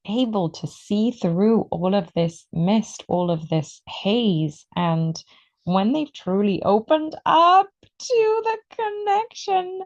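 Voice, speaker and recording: A woman giving an excitable, emotional tarot reading, stretching out her words for emphasis. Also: mid-range voice, dull audio. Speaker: tarot reader.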